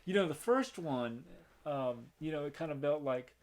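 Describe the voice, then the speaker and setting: A man's voice: fairly high pitch, lively intonation, normal speed. Rambling man reviewing a movie. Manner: rambling, many fillers, acts out quoted lines. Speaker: podcast co-host. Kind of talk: casual movie review chat.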